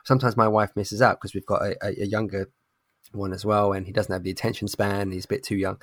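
A man in his thirties, a podcast host, chatting casually and telling a lively story, recorded in his daughter's room at home. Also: fairly low pitch, fast, dry recording, studio quality. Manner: animated storyteller, acts out his shouting. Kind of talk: casual chat.

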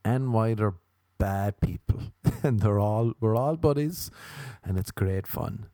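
Irish comedian, low voice, dry close sound, swears freely, laughs as he tells stories. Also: takes it slowly, warm tone, no room sound. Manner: profane, laughing, acts out quoted voices. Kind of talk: casual comic storytelling.

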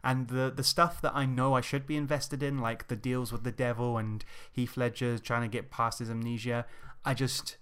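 A man in casual podcast chat, giving a measured and thoughtful opinion on a film. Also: medium pitch, flat delivery, fairly bright tone, clear, resonant tone. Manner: measured, thoughtful, hesitant restarts. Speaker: podcast co-host.

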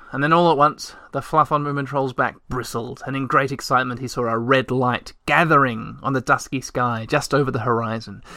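A man reading a storybook aloud with gentle, measured narration. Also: mid-range voice, no room sound, clean studio sound.

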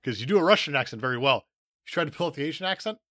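A man's voice: on the high side, expressive, rapid-fire, a bit bright, no echo, studio quality. A man co-hosting a podcast, chatting casually about movies with strong opinions and frequent laughter. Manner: opinionated, emphatic, laughs often. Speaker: podcast co-host.

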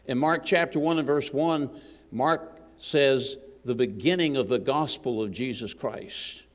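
A man's voice: medium pitch, a little slow. A man preaching as a guest minister, joking with the congregation and calling out for amens. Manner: lively, jokes with the congregation, calls for amens. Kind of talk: sermon. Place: church sanctuary. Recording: long hall reverb.

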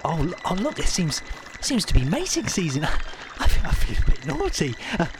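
A man doing prim, pious Tim, high and gushing. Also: huge pitch swings, normal speed, background noise. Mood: charmed. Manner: prim and effusive, rising to panicked squeals. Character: pious, naive, prim young man, easily scandalized. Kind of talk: audio drama clip. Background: music.

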